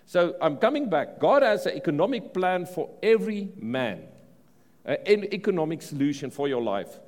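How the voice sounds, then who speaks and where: South African male preacher, fairly high voice, lively swooping delivery, sermon in a big echoing hall. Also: normal speed. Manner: animated preaching, repeats words and restarts phrases. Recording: long reverb of a large hall.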